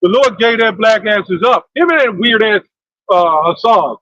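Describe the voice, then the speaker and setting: A man leading a casual religious discussion, telling stories in an animated, profane way. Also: sits high, normal speed, no echo, highs cut off. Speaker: discussion leader.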